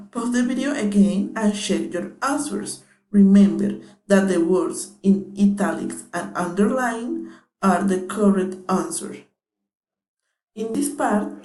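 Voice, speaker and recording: A young woman whose first language is Spanish narrates a lesson from a script, each word set down carefully. Her voice is soft and mellow, and her pace is unhurried. The room around her rings with echo. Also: medium pitch. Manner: careful, read-aloud delivery. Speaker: student teacher presenting a lesson. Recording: echoey room.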